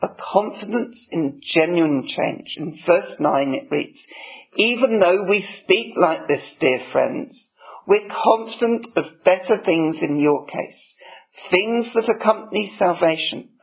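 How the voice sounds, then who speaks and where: A gravelly, husky man delivers a sermon at an unhurried pace, reading scripture in a measured way. His voice sits fairly high and the recording sounds dull and lo-fi. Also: expressive. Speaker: preacher.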